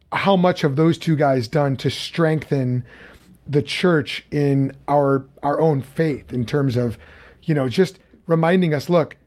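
A man hosting an interview over a video call, his voice pitched a little above the usual for a man. He talks casually and haltingly, full of "um"s and restarted phrases. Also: a little mellow. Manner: halting, many fillers and restarts. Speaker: interview host.

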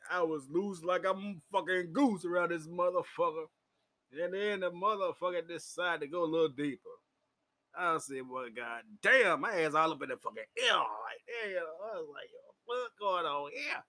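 A tipsy man telling a crude personal story in casual, profane vlog style, laughing often and shouting when he gets heated. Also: normal speed. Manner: loud, crude and laughing, swings into high shouting. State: drunk. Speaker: vlogger.

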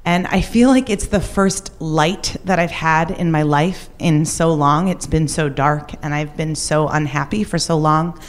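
A woman's voice: sits low, measured pace, few pauses. A young woman telling a personal true story on stage, candid and wry. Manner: candid, shifts between wry and raw.

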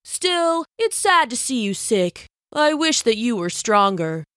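A woman's voice: a little high, big pitch swings, slow, fairly bright tone, no room sound, studio quality, exaggerated voice. A woman voicing a nervous male gazelle who speaks timidly and earnestly in a storybook.

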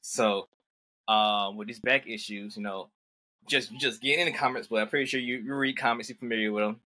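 A man's voice: on the low side, fairly even intonation, fairly quick, pushed and bright. A man hosting a casual interview podcast, laid-back and hesitant, with lots of fillers as he asks questions. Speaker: podcast host.

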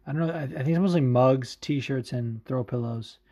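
Male podcast host, casual and profane, late-night tired, average pitch. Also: moderate pace, dull audio. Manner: profane, excitable, says dude a lot.

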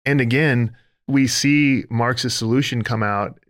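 A man co-hosting a faith-based podcast talks earnestly, in a preacher-like style, laying out his points as lists. His mid-range voice moves a little slowly, with no echo in the recording.

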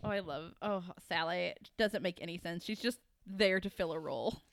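A woman from Kentucky, a guest author chatting on a podcast, animated and quick to act out characters' lines. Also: fairly low pitch, no room sound, studio quality. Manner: animated, acts out characters' lines, many fillers. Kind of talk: casual podcast chat.

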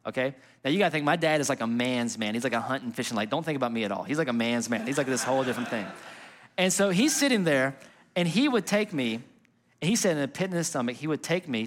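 A man's voice: fairly high pitch, a bit bright. A young adult man giving a sermon as a pastor, telling a personal story in a conversational way, with fillers and restarts.

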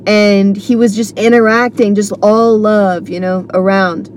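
A woman's voice: medium pitch, little pitch movement, unhurried, darkish tone, a little hiss or hum. A woman comedian talking solo on her podcast, telling a rambling story full of fillers and restarts. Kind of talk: casual solo monologue.

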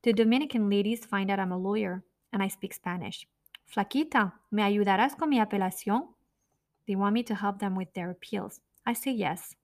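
A woman's voice: mid-range voice, steady tone, fairly quick, few pauses. A woman narrating her own memoir in a blunt, raw, profane way.

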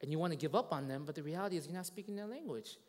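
A man preaching in a church, telling a story in a lively, conversational way and checking in with the congregation again and again. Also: fairly high pitch, racing, long reverb tail. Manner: animated, conversational, asks many tag questions. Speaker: pastor. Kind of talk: sermon with a told story.

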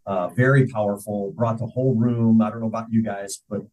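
A man with a lowish voice hosts a casual podcast chat. He retells scenes earnestly and affirms his guests often. He sits a little away from the mic. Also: fairly even intonation, fairly quick, warm tone, distant mic, a little hiss or hum, low-quality recording. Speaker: podcast host. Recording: voice a bit off mic.

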